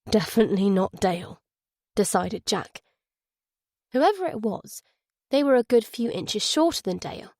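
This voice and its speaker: Woman reading a thriller audiobook, steady and tense, mid pitch, dry close sound. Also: no room sound. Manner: measured, suspenseful reading. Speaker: audiobook narrator. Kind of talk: scripted audiobook narration.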